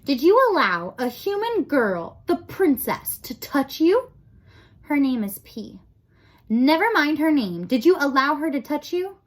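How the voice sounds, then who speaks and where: A stern male head mouse judging a trial, as a woman puts him on, commanding and formal. The voice lifts and falls with lively emphasis. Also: sits high, unhurried, pitched above the performer's own voice.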